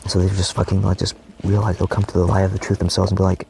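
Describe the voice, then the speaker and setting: Gravelly, swearing man rambling in monologue. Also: sits low, completely flat delivery, racing, a little mellow, slight background noise. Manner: profane, rambling, often dropping to a whisper. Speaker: vlogger.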